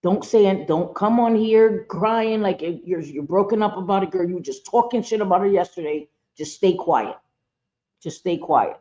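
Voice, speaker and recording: Woman, low dark voice, blunt and profane, live stream commentary, dull lo-fi audio. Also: lively intonation, normal speed. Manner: talks straight to viewers and chat.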